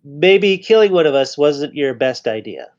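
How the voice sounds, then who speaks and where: A man's voice: fairly high pitch, expressive, moderate pace, muffled recording. A man narrating a tabletop game as game master, in a loose, joking way.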